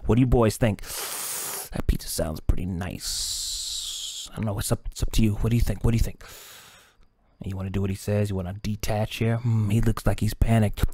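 A man's voice: lowish voice, fairly even intonation, normal speed, a little mellow, breathy edge, dry recording, voice pushed down. A man voicing a menacing leech cartel boss who talks like a crude gangster, with a put-on Mexican Spanish accent and slang. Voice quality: thuggish, drawling gangster talk.

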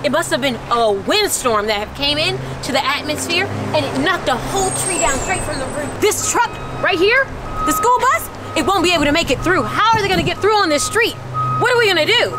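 Brief: woman hamming up a breathless on-scene news reporter, high and swooping. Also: heavy background noise. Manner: breathless, frantic questions. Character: woman playing an overexcited live TV news reporter.

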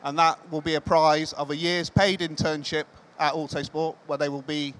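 A man addresses a live crowd from a stage, his voice a little higher than most men's. He speaks in a measured way, dropping hints to build suspense before naming the winner. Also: flat delivery, fairly bright tone. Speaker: magazine editor presenting award. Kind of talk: on-stage speech. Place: large exhibition hall stage.

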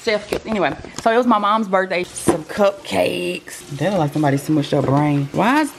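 A woman's voice: fairly low pitch, moderate pace, creaky, background noise. Chatty young woman vlogging. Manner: chatty, joking, addresses viewers as y'all. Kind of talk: casual vlog chat to camera. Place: home and car.

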